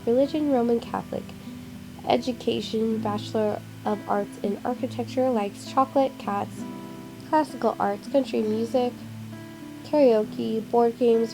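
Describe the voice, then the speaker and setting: A woman's voice: a little high, poor audio. A woman playing a story game, reading its text aloud with casual asides. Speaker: gaming channel host. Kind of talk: narrated game let's play.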